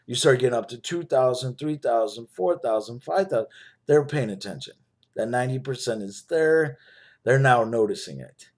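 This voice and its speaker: A man with a husky, slightly rough voice gives a casual, persuasive sales pitch straight to the camera. His pitch moves up and down a lot as he talks, and he keeps checking in with the listener. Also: expressive, moderate pace. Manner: persuasive, repeats "right?" and "you know". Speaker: network marketing promoter.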